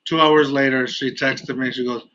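A man's voice: mid-range voice, flat delivery, moderate pace, bright, forceful tone. A man hosting a casual podcast, telling a story with lots of "like"s and laughs. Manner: laughing, rambling with many "like"s. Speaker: podcast host. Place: lives in Texas. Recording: dull lo-fi sound with faint ambient noise.

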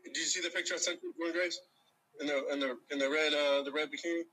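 A man's voice: on the high side, steady tone, fast talker, sharp tone, slightly rough, poor audio. A young man in casual chat about sports, talking with frequent hesitations and restarts over a call. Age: young adult.

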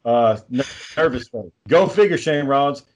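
Profane rambling podcast host. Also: male voice, medium pitch, expressive, moderate pace. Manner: profane, rambling, reads out texts. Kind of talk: casual podcast chat.

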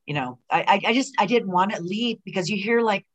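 A middle-aged woman, a retired wrestler, chatting as a guest in an interview and telling animated stories with lots of fillers and acted-out quotes. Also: mid-range voice, fairly quick. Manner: animated storyteller who acts out quoted dialogue, many fillers and restarts. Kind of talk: casual interview chat.

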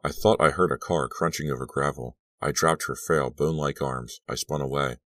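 Very deep-voiced male audiobook narrator. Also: moderate pace, a bit bright, no room sound, clean studio sound. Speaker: audiobook reader. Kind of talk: scripted first-person narration.

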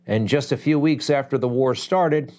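A man's voice: mid-range voice, normal speed, darkish tone. A man hosting a political commentary show, delivering a blunt, conversational monologue full of rhetorical asides. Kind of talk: opinionated talk show monologue.

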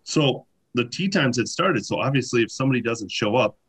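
A man telling stories in a casual chat, animated and full of fillers. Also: mid-range voice, brisk, breathy edge. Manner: animated anecdotes, many fillers. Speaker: podcast guest. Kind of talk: casual storytelling.

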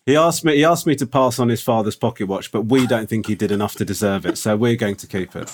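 A man's voice: lowish voice, fast talker, a little hiss or hum, lightly acted. Officious british military guy scolding a widow, some man doing it, dry delivery.

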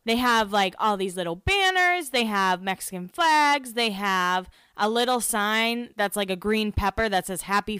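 A woman's voice: mid-range voice, fairly bright tone, smooth, dry recording. A woman hosting a casual recap podcast, chatty and self-deprecating, with lots of "like" fillers. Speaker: podcast host recapping a reality show. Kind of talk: casual chat.

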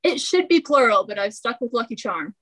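A woman's voice: fairly high pitch, sing-song, brisk, a bit bright, low-quality recording. A young woman from Scotland with a faint Scottish accent, a hiker talking as a podcast guest, cheerful and often laughing. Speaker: guest, long-distance hiker. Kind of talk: casual interview.

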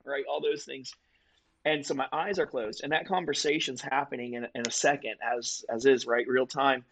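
A man's voice: medium pitch, fairly even intonation, moderate pace, a bit bright, rough recording. Earnest man telling a story. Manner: earnest, vivid storytelling with restarts. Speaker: guest telling his testimony. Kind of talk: conversational storytelling.

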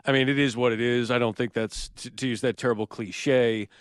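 A man's voice: medium pitch, steady tone, smooth, no room sound. Male sports podcast co-host, dry sound. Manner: brisk, reads sponsor copy playfully. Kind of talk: casual sports talk.

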